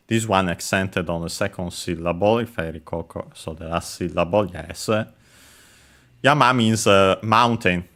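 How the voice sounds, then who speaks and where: A man's voice: lowish voice, a bit bright. A man explaining Japanese vocabulary while playing a game, methodical and hesitant, with many filler sounds. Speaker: language teacher.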